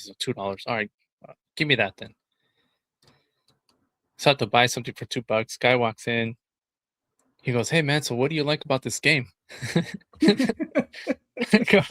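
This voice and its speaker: A man's voice: medium pitch, no echo. A man co-hosting a podcast, telling a casual story and often laughing as he talks. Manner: laughs a lot while telling stories, animated. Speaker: podcast co-host.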